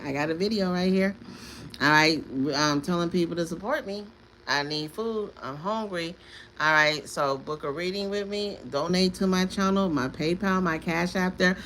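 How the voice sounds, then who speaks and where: A woman's voice: on the low side, moderate pace, fairly bright tone, a little hiss or hum. A woman, talking in a rambling, emphatic way during a casual live tarot stream, often repeating words and laughing. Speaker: tarot reader.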